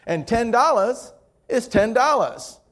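A man voicing a thrifty, practical older country wife who speaks slowly and insistently. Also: extremely high pitch, animated, fairly bright tone, voice pushed up, full character voice. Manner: slow, firm and insistent.

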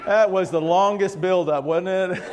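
A male pastor preaching a sermon in a chatty, rambling way with many restarts, warming up with a joke. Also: on the high side, background noise.

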